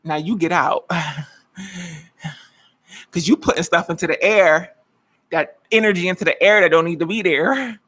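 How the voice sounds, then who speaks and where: A man's voice: high-pitched, normal speed, long pauses, a bit bright. A man in his twenties hosting a casual live-stream cooking chat from his home kitchen, sassy, dramatic and playfully teasing. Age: 20s. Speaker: host.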